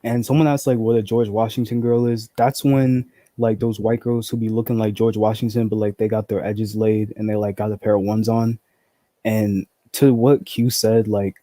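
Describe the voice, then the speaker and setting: Blunt young man with a dark voice. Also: fairly low pitch, level tone, normal speed, no room sound. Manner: blunt, profane, heavy use of "like" fillers. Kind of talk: casual group discussion.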